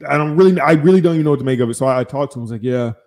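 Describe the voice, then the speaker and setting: Animated man telling a wild story. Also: mid-range voice, racing. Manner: animated, profane, acts out phone calls. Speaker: podcast host. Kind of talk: casual storytelling chat.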